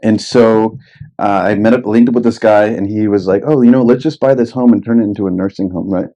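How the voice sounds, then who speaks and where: A man's voice: on the low side, fairly even intonation, a little fast, warm tone. A young man telling rambling, expletive-laden stories in a casual podcast chat. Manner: rambling anecdotes, heavy swearing.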